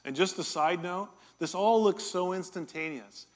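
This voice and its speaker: Man, middle-aged, pastor, sermon, animated storyteller, slightly high pitch. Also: normal speed. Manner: animated storytelling, jokes with the congregation. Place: church hall.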